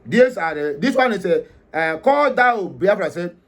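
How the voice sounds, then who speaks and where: Emphatic Nigerian man, high voice. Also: expressive, measured pace. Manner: emphatic, repetitive, frequent hesitations. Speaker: commentary host. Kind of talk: opinionated monologue commentary.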